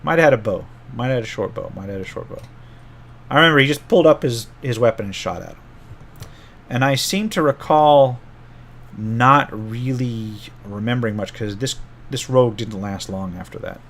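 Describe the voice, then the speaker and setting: A man's voice: medium pitch, animated, normal speed, creaky, a bit bright. A middle-aged man, a game master, casually telling a rambling story from an old tabletop game and often correcting himself as he goes.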